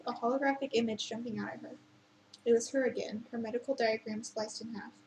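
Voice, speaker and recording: A woman reading a novel aloud at an unhurried pace, with occasional slips and restarts. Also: on the high side, a little hiss or hum, poor audio. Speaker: reader.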